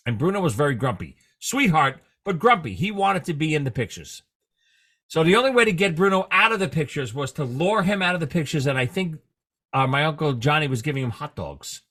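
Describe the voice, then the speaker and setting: Bright, animated male podcast host. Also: on the high side. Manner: animated storytelling, cursing. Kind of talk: casual chat.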